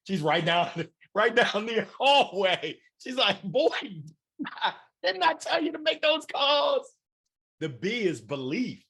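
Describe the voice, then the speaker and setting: A man in his forties, a keynote speaker and author, giving energetic, playful motivational answers in an interview. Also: a little high. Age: 40s. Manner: animated, playful, motivational, acts out voices.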